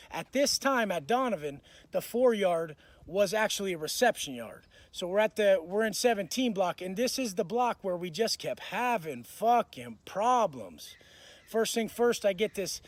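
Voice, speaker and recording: A man telling rough stories in a blunt, swaggering, heavily cursing way, often restarting and repeating words as he gets worked up. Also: high-pitched, no room sound. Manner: blunt, profane, swaggering street talk. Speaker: vlogger recounting prison life. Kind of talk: casual storytelling monologue.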